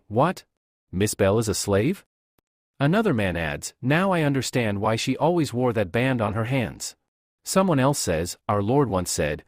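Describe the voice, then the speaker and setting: A man narrating a comic story recap in an even storytelling read. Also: medium pitch, no room sound, studio quality.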